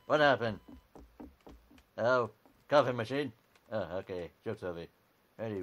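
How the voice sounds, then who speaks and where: A man makes a gameplay video, offering offhand, dry commentary and reading on-screen text aloud into a desk mic while he plays a computer game. His lowish voice has a fairly bright tone, moving a little slowly with long pauses, and he keeps saying "alrighty."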